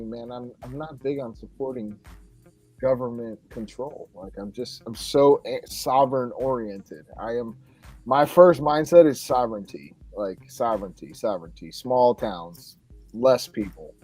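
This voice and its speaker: A man's voice: mid-range voice, moderate pace, darkish tone, no room sound, faint music behind. A man hosting a casual podcast, rambling and often laughing as he talks. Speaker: podcast host. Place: home studio, Florida.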